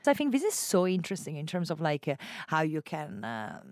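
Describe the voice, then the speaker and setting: Female interviewer, Italian accent, very low voice, hesitant pauses, dry recording. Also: wildly swooping pitch, darkish tone, dry recording. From Italy. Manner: hesitant, searching for words. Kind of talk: conversational interview.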